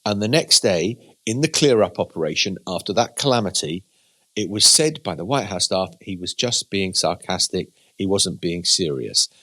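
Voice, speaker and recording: A man co-hosting a political podcast, recalling events and weighing them up in a measured, reflective way. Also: low voice, animated, sharp tone. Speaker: podcast co-host. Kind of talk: conversational political analysis.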